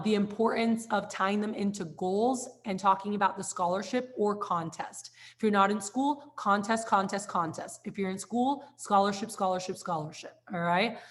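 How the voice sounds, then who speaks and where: Woman, sales trainer, casual and upbeat, chatty delivery with frequent check-ins. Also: medium pitch. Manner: upbeat, chatty, lots of "like" and "all right?".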